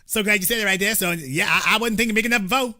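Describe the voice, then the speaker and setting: A man doing an impression of a flattered male celebrity comedian who stammers and eagerly agrees. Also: high voice, rapid-fire. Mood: eager agreement.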